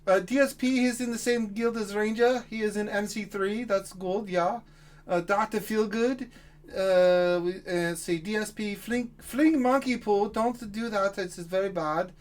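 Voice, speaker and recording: A man's voice: high voice, measured pace. A man voicing a cranky, foul-mouthed male frog puppet who insults and boasts through a list of names. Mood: mocking. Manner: insulting, boastful, rambling roll call.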